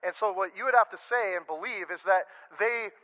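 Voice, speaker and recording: A male pastor giving a sermon in a conversational, animated way, often restarting his sentences. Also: high voice, brisk, low-quality recording.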